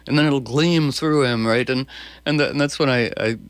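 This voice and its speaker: A male host talking in an excitable, stumbling way, full of restarts. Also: medium pitch, moderate pace, no echo. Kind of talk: conversational interview.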